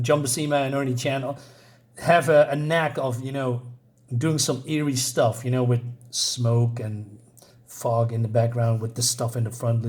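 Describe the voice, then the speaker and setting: Chuckling, rambling male comic reviewer. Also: a little high. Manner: chuckling, rambling with many fillers. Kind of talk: casual comic review with retold dialogue.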